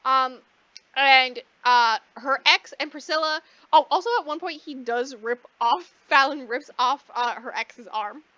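A woman co-hosting a podcast, casually recapping a book in a rambling way, swearing freely and acting out the characters in quick asides. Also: high voice, bright, forceful tone, no echo. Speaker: podcast co-host. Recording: dull lo-fi dry recording.

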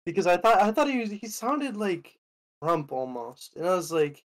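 A man's voice: on the high side, sing-song, a little fast. A man on a casual call, laid-back and shrugging, filling his speech with "I mean" and "you know.". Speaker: guest.

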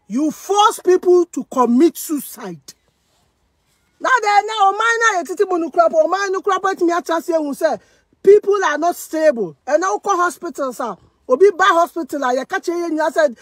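A woman's voice: high voice, lively intonation, normal speed, dry recording. A woman with a Ghanaian accent delivering a heated monologue, mixing Twi and English, accusing and defending herself. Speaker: social media personality. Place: living in Germany.

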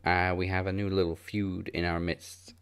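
Low-ish guy host, casual podcast chat, cracks dry little jokes while reading the card. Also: level tone, normal speed, fairly bright tone, clean tone.

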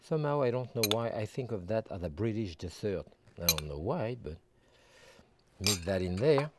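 A man working as a TV chef, walking through a cooking demonstration step by step and adding relaxed asides as he goes. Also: on the low side, normal speed, background noise. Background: background music.

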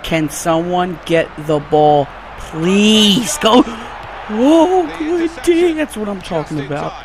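A young man giving excited live commentary over his own football video game, yelling, pleading and cheering at the play as he goes. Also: fairly high pitch, takes it slowly, background noise. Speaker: gaming video creator. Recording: game sound and music clearly behind. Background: video game audio and music.

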